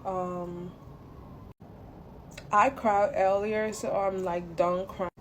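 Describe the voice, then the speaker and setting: Woman, holding back tears, very slow halting talk, noise clear behind. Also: mid-range voice, level tone. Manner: halting, with shaky laughs. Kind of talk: tearful vlog confession. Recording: clear background ambience.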